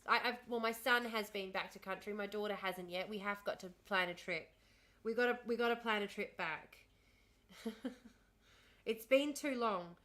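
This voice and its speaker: A woman in her thirties with an Australian accent chats casually with viewers on her livestream, rambling, answering the chat, and laughing often. Her medium-pitched voice has a sharp tone and moves at normal speed.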